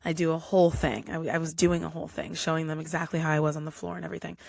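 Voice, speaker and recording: Gravelly-voiced woman podcast host, chatty. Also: deep voice, rapid-fire, dry recording, clean studio sound. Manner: chatty, animated, acts out quotes. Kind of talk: casual solo podcast storytelling.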